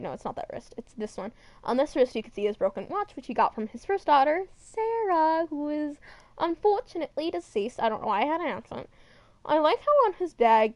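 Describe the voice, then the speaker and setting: Young female streamer, high voice, chatty and rambling, swears freely, dry recording. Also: darkish tone, dry recording. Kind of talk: casual chat over a model viewer.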